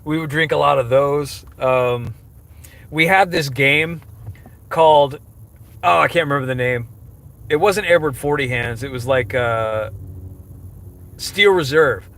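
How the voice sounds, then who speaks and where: A man's voice: mid-range voice, a little slow, gravelly, pauses often, fairly bright tone. A man chatting on a casual live stream, rambling and self-mocking, with lots of fillers and restarts. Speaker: livestreamer answering chat questions.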